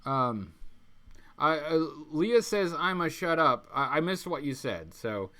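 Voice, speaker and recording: Rambling bright-voiced man chatting on stream. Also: a little high, sing-song, slow. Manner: rambling, many ums and restarts, reads chat aloud. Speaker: livestream host. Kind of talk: casual livestream chat. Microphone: webcam mic.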